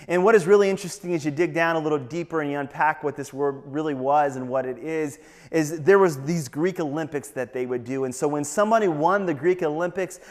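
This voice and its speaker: A man giving a sermon as pastor, earnest and conversational, telling stories to his congregation. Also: on the high side. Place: church sanctuary. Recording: long hall reverb, faint music behind.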